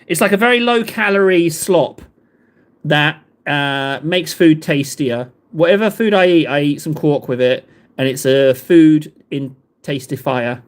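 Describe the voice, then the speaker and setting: A man's voice: a little high, a little slow. A man, chatting casually with live viewers in a rambling, self-deprecating way. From England. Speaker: livestream host.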